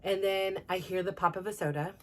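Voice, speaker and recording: A woman's voice: mid-range voice, fairly even intonation, fairly quick. A middle-aged woman hosting a self-improvement show, telling a personal story in a rambling, casual way full of "like" and "you know" and restarts. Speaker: self-improvement podcast host.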